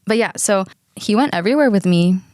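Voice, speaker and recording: A woman's voice: mid-range voice, lively intonation, a little fast, a little mellow, dry recording, studio quality. Candid young woman telling a story. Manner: candid, swears casually, laughs often. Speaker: podcast host. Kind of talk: casual storytelling chat.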